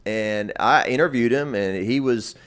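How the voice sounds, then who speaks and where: Male sports reporter, relaxed stop-start rambling chat. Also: mid-range voice, unhurried. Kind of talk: casual sports radio chat.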